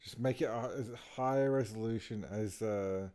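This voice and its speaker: A man's voice: lowish voice, moderate pace, warm tone. Tired man muttering while drawing. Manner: muttering to himself. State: tired, yawning. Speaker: streamer. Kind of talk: casual talk while drawing.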